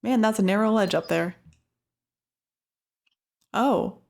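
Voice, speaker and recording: A woman's voice: medium pitch, slow, vocal fry, darkish tone. Woman with wry gaming asides. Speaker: let's play host. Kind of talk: casual game commentary.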